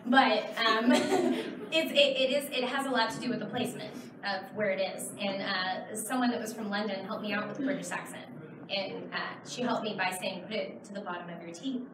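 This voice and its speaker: In a large convention hall, a Texan woman in her thirties takes audience questions, explaining in a chatty, rambling way with many fillers. Her mid-range voice moves at a normal speed. A camera far away in the audience records her, giving a roomy sound with background noise.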